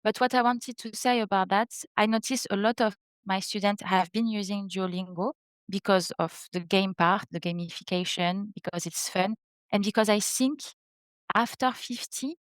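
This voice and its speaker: A woman's voice: mid-range voice, fairly even intonation, normal speed, no room sound. A woman in her thirties from France with a French accent, a French teacher speaking in an interview, earnest and explanatory. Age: 30s. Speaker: French teacher, podcast guest. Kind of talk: interview conversation.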